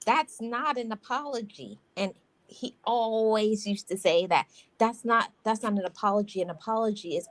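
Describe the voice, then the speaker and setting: A woman guest on a casual livestream talk show, telling a personal story in a relaxed, wry way. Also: mid-range voice, normal speed.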